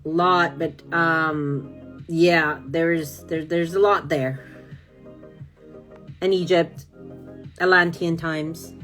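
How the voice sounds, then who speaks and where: A woman's voice: low voice, steady tone, very slow, long pauses, fairly bright tone, faint music behind. A woman from California, chatting casually on a live stream, rambling and gushing with lots of fillers as she answers viewer comments.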